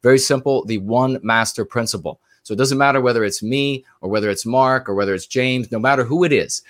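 A man's voice: medium pitch, no room sound, clean studio sound. A man co-hosting a livestream and giving a long spoken commentary. He talks earnestly, often restarting and repeating phrases. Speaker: livestream co-host.

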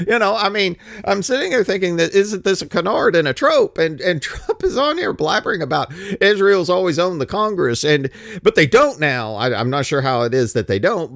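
A man's voice: on the high side, big pitch swings, moderate pace, creaky, a bit bright, dry recording, clean studio sound. A man giving a rambling, sarcastic political monologue who laughs often. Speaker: political commentator.

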